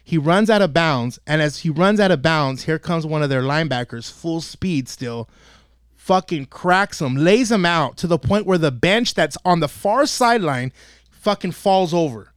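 In a podcast studio, a host who also coaches youth football tells a profane, comic story, swearing constantly and acting out the quotes. His voice is a little high and animated, moderately paced and clean, with a dry, studio-quality sound.

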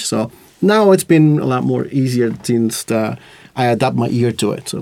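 A man co-hosts a studio podcast with a quick, easygoing delivery. He jokes around and swears in passing, with a mid-pitched voice. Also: creaky, darkish tone. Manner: joking, casual swearing. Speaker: podcast co-host. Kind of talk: casual chat. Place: recording studio.

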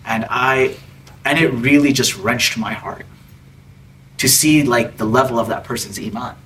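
A man giving a sermon through personal stories, conversational and dropping often to soft, hushed tones. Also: mid-range voice, a little slow, distant mic, a little hiss or hum, low-quality recording. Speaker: preacher. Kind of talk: storytelling sermon.

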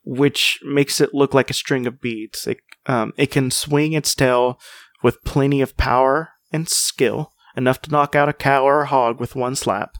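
A man's voice: mid-range voice, steady tone, unhurried, no echo. A man co-hosting a casual chat, rambling with many fillers and restarts while reading out folklore. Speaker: podcast co-host.

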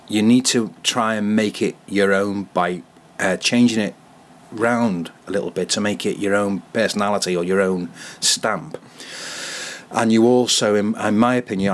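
A man who is a comedian, speaking as a podcast guest in a loose, rambling way that corrects itself as he goes. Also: fairly low pitch. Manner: rambling, explanatory, self-correcting. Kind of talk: casual podcast interview.

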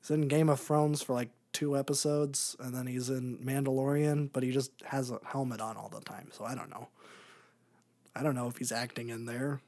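A man co-hosting a podcast in casual chat, rambling, laughing often and trailing off into quiet filler words. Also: mid-range voice, little pitch movement, moderate pace. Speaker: podcast co-host.

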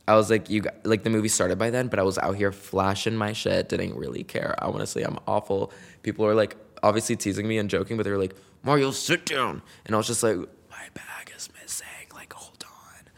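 A man's voice: fairly low pitch, steady tone, fairly quick, vocal fry. A man hosting his own podcast, telling a story in a chatty, dramatic way with lots of slang and "like". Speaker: podcast host. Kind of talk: casual solo storytelling.

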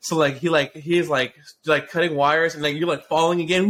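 Talking a little fast in a voice on the high side, the man co-hosts a casual podcast. His story runs long and rambling, full of curses, false starts and filler words, delivered with excitable energy.

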